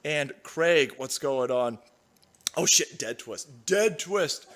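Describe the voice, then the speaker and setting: A man's voice: a little high, expressive, takes it slowly, fairly bright tone. A man hosting a livestream, crude and sarcastic, laughing often as he riffs and reads out donations. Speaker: livestream host. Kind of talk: profane livestream commentary, reading donations.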